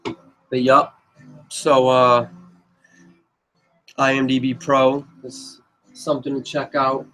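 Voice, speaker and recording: Guy rambling thru his own movie pitch, kinda monotone, lots of you know and but yep. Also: slow, long pauses, poor audio. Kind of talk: casual rambling pitch to camera.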